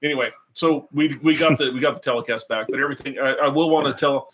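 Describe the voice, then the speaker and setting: A man's voice: mid-range voice, quick pace, fairly bright tone, a little hiss or hum. An older man hosting a casual live racing stream, joking and rambling with crude asides. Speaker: host.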